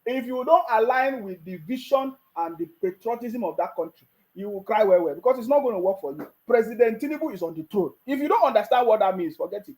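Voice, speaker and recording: A man's voice: very high-pitched, darkish tone, poor audio. A Nigerian man giving mocking political commentary, laughing often and repeating his taunts.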